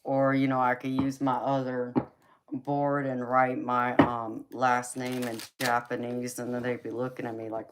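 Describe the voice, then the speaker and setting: A woman hosts a casual tarot livestream, chatting with viewers at an unhurried, drawn-out pace. She breaks into laughter between her remarks. Steady background noise runs under her voice throughout the stream. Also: extremely low pitch. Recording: noisy livestream audio.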